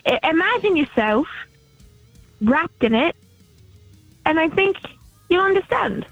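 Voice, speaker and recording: American woman cohosting, high voice, giggly, deadpan jokes, goes up and down a lot. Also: a little slow, dry recording, phone-quality sound, soft background music. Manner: playful, giggly, dry jokes. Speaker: podcast co-host. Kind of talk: casual chat.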